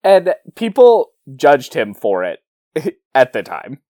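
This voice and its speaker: A man co-hosting a film podcast who critiques bluntly and sounds fed up at times. His pitch moves widely, and the recording is dry and close. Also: huge pitch swings, takes it slowly, warm tone, dry recording. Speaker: podcast co-host. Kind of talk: casual film review chat.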